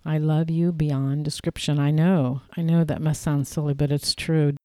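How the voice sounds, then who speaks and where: Lady doing a charming teasing young guy in a storybook, low smooth voice, dry sound. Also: steady tone, moderate pace, warm tone, dry recording, natural voice. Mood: playful. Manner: mock-archaic playful talk. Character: playful young man, charming, teasing lover.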